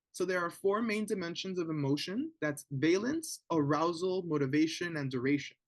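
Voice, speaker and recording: A man giving a conversational webinar talk to parents, often pausing to ask "right?" as a check-in. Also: fairly high pitch. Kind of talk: informal educational talk.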